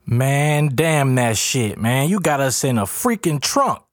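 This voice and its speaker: A man's voice: mid-range voice, sing-song, takes it slowly, dry recording, clean studio sound, voice pushed up. A man voicing a frightened young man who keeps complaining in slang. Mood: whining.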